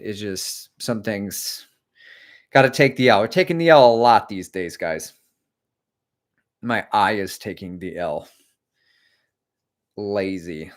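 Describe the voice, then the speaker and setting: Chatty middle-aged man on a livestream. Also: lowish voice. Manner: chatty, rambling, answers viewer comments. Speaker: livestream host and running coach. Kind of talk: casual livestream chat. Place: home.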